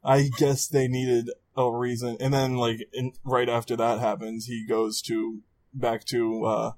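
Male podcast co-host, mid-pitched, dry plot recaps. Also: completely flat delivery, a little slow, darkish tone. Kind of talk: casual film review chat.

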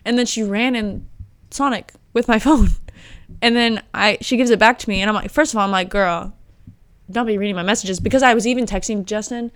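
A young woman hosting a podcast, telling a story in a casual, animated way and laughing often. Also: medium pitch, fairly quick. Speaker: podcast host. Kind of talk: casual chat.

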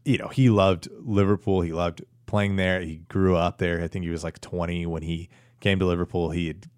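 A man chatting casually about soccer on a podcast, rambling with frequent restarts and animated asides. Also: low-pitched, moderate pace, clean tone, no echo, clean studio sound. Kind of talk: casual sports chat.

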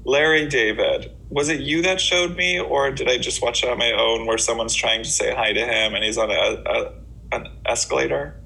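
A man's voice: mid-range voice, normal speed, vocal fry, pushed and bright, rough recording. A man co-hosting a podcast in casual chat, wired on coffee, joking around, swearing and goofing off. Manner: jokey, hyper, goofing with silly voices and swearing. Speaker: podcast co-host.

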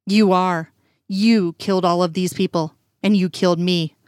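A woman's voice: on the low side, fairly even intonation, normal speed, a little mellow, no room sound, clean studio sound, close to an everyday voice. Bitter dead male agent, accusing and harsh; woman reader in her own voice.

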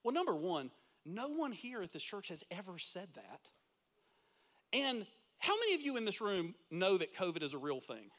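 A man's voice: sits high, sing-song, normal speed, fairly bright tone. A middle-aged male pastor preaching a sermon in a church, full of rhetorical questions to the congregation. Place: church sanctuary.

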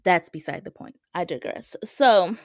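Chatty young woman with a low voice. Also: a little slow, no echo, studio quality. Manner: chatty, heavy use of "like", animated when retelling others. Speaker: podcast host. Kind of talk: casual personal storytelling.

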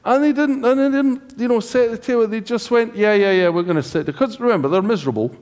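A man's voice: very high-pitched, fast, darkish tone. A man with a British accent preaching a sermon in a chatty, joking way, often asking the congregation questions. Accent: British English. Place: church hall. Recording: church hall reverb.

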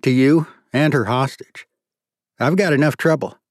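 A man doing a gruff hard-nosed police captain. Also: medium pitch, normal speed, no room sound, clean studio sound, voice pushed up, close to an everyday voice. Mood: stern. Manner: blunt, growling, forceful.

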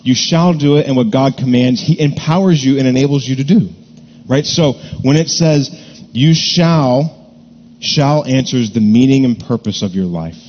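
A man preaching a sermon, earnest and deliberate, repeating key words to stress them. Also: mid-range voice, darkish tone, long reverb tail, muffled recording. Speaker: pastor.

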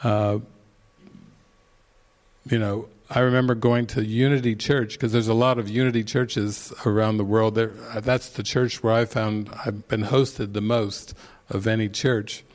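A man's voice: fairly low pitch, steady tone, a little slow, a little mellow. A man speaking as a spiritual teacher at a retreat, telling stories, asking pointed questions and chuckling at his own points. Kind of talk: retreat talk.

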